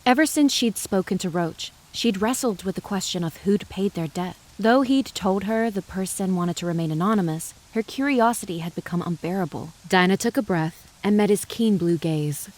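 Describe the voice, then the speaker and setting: A woman giving measured, dramatic audiobook narration of a western novel. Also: mid-range voice, a little mellow. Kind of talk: scripted narration.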